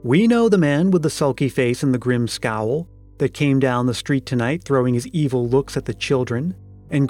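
A man's voice: mid-range voice, darkish tone, close to an everyday voice. A man voicing a malicious male goblin who questions in a stern, mocking way, reading a storybook aloud with faint music behind.

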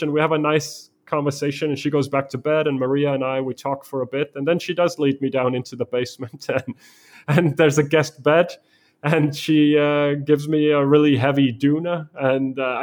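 A man's voice: medium pitch, a little mellow. A man from Denmark, a guest in a conversation, telling a story vividly in the present tense.

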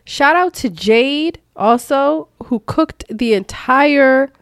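Woman, podcast co-host, casual teasing chat, fairly high lively voice, dry close sound. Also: dry recording. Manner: teasing, quick interjections.

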